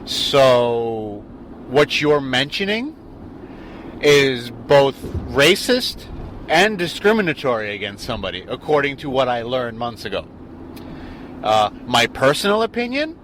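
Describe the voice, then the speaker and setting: A man's voice: mid-range voice, very animated, a little slow, a bit bright, a little hiss or hum, low-quality recording. A man co-hosting a podcast from a car, explaining his opinions carefully in casual chat. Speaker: podcast co-host. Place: inside a car on the road.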